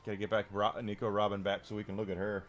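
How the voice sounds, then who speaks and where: A man's voice: fairly low pitch, little pitch movement, quick pace, faint music behind. A man streaming a video game, chatting casually with viewers in a rambling way with frequent restarts.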